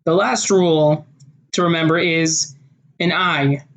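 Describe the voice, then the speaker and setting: A speaker with an American accent, slowly and deliberately explaining pronunciation rules in an instructional video. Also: mid-range voice, fairly even intonation, a bit bright. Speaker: accent tutorial presenter.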